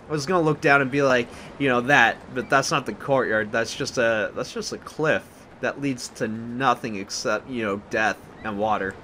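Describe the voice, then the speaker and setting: A young man hosting a blind let's play, rambling and flustered, with many restarts when he gets excited. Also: medium pitch, slight background noise.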